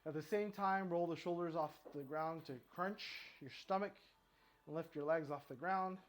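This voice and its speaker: Brief: slightly high-voiced man, winded, counting reps and rambling through a home workout. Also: normal speed. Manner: counts reps aloud, rambling and self-correcting. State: out of breath. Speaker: fitness vlogger. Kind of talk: casual workout commentary. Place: home floor workout with his dog nearby.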